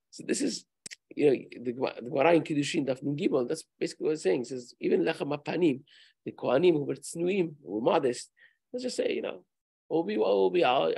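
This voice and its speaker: A man's voice: a little high, creaky, a little mellow, husky, no echo, low-quality recording. A man, a rabbi, teaching a daily Torah lesson in a casual, conversational way, telling stories and weaving in Hebrew terms. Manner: conversational, tells anecdotes, mixes Hebrew and Yiddish terms.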